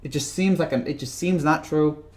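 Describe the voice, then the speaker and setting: High-voiced rambling sports vlogger man. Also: brisk. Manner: rambling, joking, repeats himself. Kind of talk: casual vlog rant.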